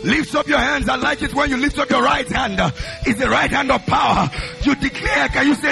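A man preaching as a pastor, leading loud prayer with fervent, repeated declarations, each phrase often opened with "uh". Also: very high-pitched, a little fast, creaky, hardly any pauses, music in the background. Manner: repeats lines in a rhythmic chant. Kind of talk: sermon and loud congregational prayer.

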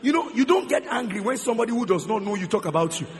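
A man with a Nigerian accent preaching a sermon as pastor, repeating phrases and swinging from shouting to quiet. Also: sits high, lively intonation, fast, a little hiss or hum. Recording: long hall reverb.

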